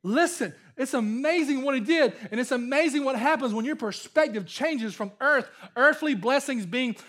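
A man's voice: very high-pitched, moderate pace, fairly bright tone. A man preaching a sermon as pastor, talking conversationally, repeating and restarting phrases and building up to emphatic points.

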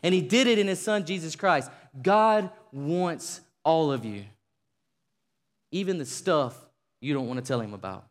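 A man's voice: fairly high pitch, animated, measured pace. Fervent male preacher in a reverberant hall. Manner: builds to fervent shouting, leads congregation in call and response. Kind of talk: sermon. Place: church sanctuary. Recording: long reverb of a large hall.

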